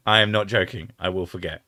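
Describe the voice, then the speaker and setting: Bright-voiced English man, sweary chat. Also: deep voice, no room sound, studio quality. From England, home counties. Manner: swears freely, tries out accents. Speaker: host. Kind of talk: casual chat.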